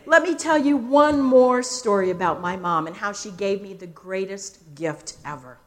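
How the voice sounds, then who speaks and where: An older woman minister giving a sermon, telling stories slowly and expressively with dramatic pauses. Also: mid-range voice.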